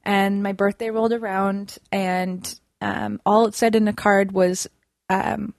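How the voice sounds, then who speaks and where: A woman's voice: medium pitch, flat delivery, measured pace, no room sound. Young woman rambling thru a story, lots of um and like, dry close sound. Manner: chatty, many fillers and restarts. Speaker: podcast guest. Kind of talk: casual storytelling.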